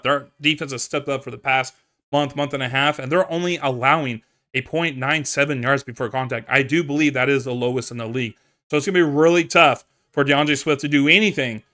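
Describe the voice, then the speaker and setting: A man's voice: fairly high pitch, bright, forceful tone. A man hosting a fantasy football show, casually reading through numbers and thinking aloud with restarts and fillers. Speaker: fantasy football podcast host. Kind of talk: casual stats breakdown.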